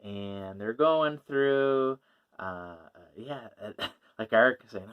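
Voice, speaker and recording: Guy rambling thru a comic review, lots of ums and little laughs, medium pitch. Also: expressive, slow pace, fairly bright tone, smooth. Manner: rambling, many fillers and laughs. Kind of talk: casual chat.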